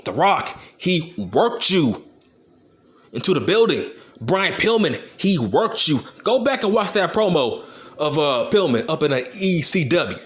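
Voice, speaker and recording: Channel host, young man, blunt and profane, lively higher voice. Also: a little slow. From Compton, California. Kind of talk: ranting commentary video.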